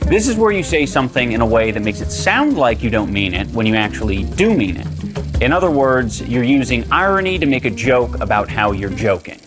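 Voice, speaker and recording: A man's voice: mid-range voice, very animated, fairly quick. A man narrating a documentary in a dry, sardonic explaining tone. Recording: narration with loud background music.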